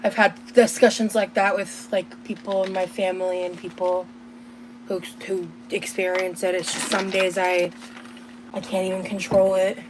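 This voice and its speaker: A woman vlogging to her chat, talking candidly and wearily, with halting restarts. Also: medium pitch, little pitch movement, noisy background. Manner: candid, weary, slow and halting. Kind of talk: casual vlog talk to chat.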